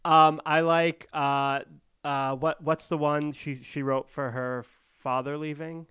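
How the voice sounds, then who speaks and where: A man co-hosting a podcast in casual chat, speaking hesitantly with halting restarts. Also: a little high, level tone, fairly bright tone, clean tone, no echo, studio quality.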